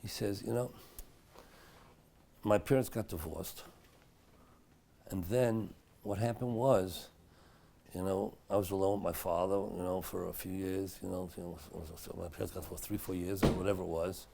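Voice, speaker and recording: Gravelly low-voiced middle-aged rabbi. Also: male voice, fairly even intonation, normal speed. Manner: chatty and anecdotal, drops to a hushed voice for dramatic story moments. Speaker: rabbi giving a Torah class. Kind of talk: storytelling Torah lecture. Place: synagogue study hall.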